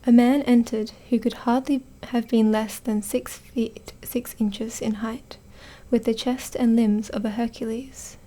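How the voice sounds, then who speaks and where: A young Australian woman narrates a story in a soft whisper. Her tone is mellow and a little high. The reading is careful, with small stumbles. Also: level tone, a little slow, few pauses. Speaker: audiobook narrator in training.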